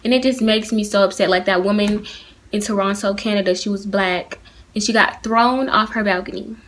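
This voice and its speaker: A woman's voice: mid-range voice, steady tone, moderate pace, a bit bright. A teenage girl from Atlanta, speaking earnestly and heatedly straight to her viewers in a casual opinion vlog recorded on a phone. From Atlanta, United States. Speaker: vlogger. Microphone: phone camera.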